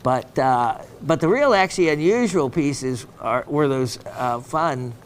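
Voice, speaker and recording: A man's voice: mid-range voice, expressive, unhurried. A man hosting a gem shopping show, chatting casually and reading viewer messages aloud, with plenty of ums and uhs.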